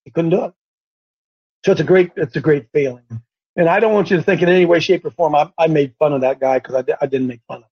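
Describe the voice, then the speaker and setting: Husky high-voiced man telling a story. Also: quick pace, muffled recording. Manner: animated, stumbling, repetitive storyteller. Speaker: host. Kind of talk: faith talk show storytelling.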